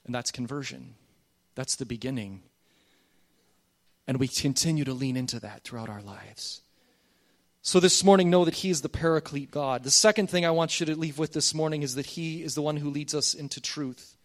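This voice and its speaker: A man's voice: on the high side, normal speed. A man preaching a sermon as pastor, earnest and emphatic, calling on the congregation to repeat after him.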